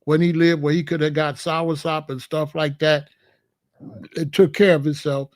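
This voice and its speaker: High-voiced guy, aave, preachy and in your face, dry close sound. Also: little pitch movement, moderate pace, no room sound. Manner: confrontational, repeats questions, preachy. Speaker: host answering a viewer. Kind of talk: live-stream commentary.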